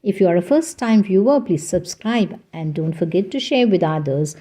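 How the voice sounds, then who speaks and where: A woman from India with an Indian English accent, a native Hindi speaker, teaching a beginner language lesson slowly and patiently, repeating phrases for learners. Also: on the low side, expressive, mellow. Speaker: French teacher.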